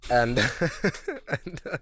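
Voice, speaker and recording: A young man co-hosting a podcast, chatting in casual banter, animated and joking with frequent laughs. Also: medium pitch, very slow, slightly rough. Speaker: podcast co-host.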